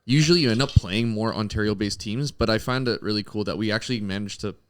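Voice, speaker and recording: A man's voice: on the low side, quick pace, slight background noise. A man in casual sports chat on a podcast, easygoing and agreeable. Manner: easygoing, agreeable, short backchannels.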